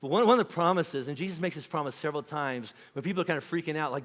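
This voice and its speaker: A man's voice: fairly high pitch, very fast, hardly any pauses, a bit bright, long reverb tail. A middle-aged man preaching a sermon as pastor, in a conversational way, acting out quoted voices. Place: church auditorium.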